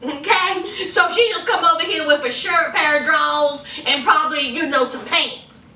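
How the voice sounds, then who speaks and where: A woman's voice: sits high, normal speed, pushed and bright, distant mic. A woman recapping a reality TV episode in a chatty, sassy way, laughing often and calling her viewers honey. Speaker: reality TV reviewer. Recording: echoey room, away from the mic.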